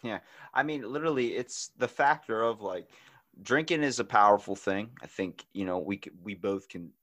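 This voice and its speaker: A man hosting a podcast, telling stories in casual chat with lots of swearing and loud acted-out quotes. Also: fairly low pitch, normal speed, dry recording, studio quality. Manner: animated storyteller, swears freely, acts out quotes loudly.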